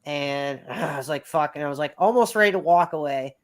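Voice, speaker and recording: A man's voice: a little high, brisk. A man in his thirties spins a long story in casual chat. He rambles on, circling back and swearing freely as he goes. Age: 30s. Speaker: podcast guest.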